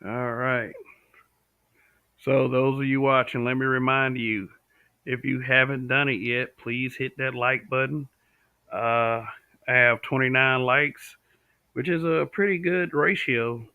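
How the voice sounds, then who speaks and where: In a smooth, medium-pitched voice with fairly even intonation, a Southern American man hosts a laid-back live stream, speaking slowly and bluntly while answering viewer comments. There's no echo, and the home-stream audio comes across tinny and dry.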